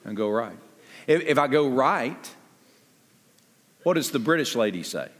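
A man preaching a sermon as pastor, talking conversationally with lively jumps in pitch and quick asides. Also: long reverb tail.

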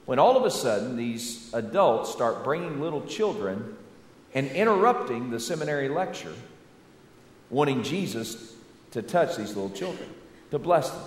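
A Southern American pastor preaching a folksy, animated sermon full of rhetorical questions. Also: male voice, mid-range voice, moderate pace, slight background noise. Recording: echoey church hall.

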